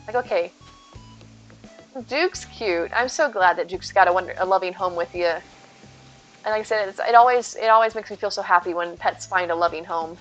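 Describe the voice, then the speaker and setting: Gaming on a live stream, a woman talks casually with her audience and speaks fondly of her cat. She has a medium-pitched, fairly bright voice and a moderate pace, with soft background music underneath.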